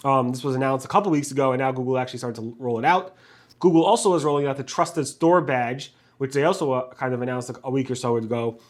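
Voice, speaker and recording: Fast-talking man recapping search news. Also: mid-range voice, fairly even intonation. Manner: fast talker with many fillers and restarts. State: slightly impeded speech from a bitten tongue. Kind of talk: casual news roundup to camera.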